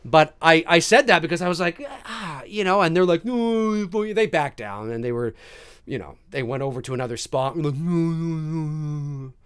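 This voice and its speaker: A man's voice: fairly high pitch, a little fast, clean tone. A man hosting a live stream, chatting casually with viewers and telling stories with plenty of swearing and acted-out moments. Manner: animated, swears freely, acts out scenes. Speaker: live-stream host answering viewer questions.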